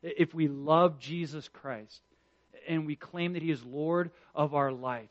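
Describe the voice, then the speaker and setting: A man preaching a sermon in an earnest way, moving between loud emphatic lines and hushed ones and often repeating the first words of a phrase. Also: a little high, a little slow. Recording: dull lo-fi recording.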